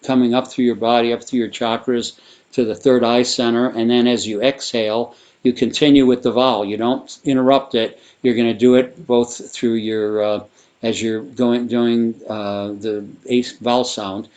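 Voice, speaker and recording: A man teaching a guided vocal breathing exercise, talking in a relaxed, rambling way with fillers and restarts. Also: medium pitch, moderate pace. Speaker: sound therapy teacher.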